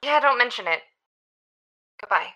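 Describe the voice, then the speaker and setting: An actress playing a grieving young woman who talks in a halting, stammering, tearful way. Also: a little high, expressive, pushed and bright, full character voice. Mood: shaken. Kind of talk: audio drama acting.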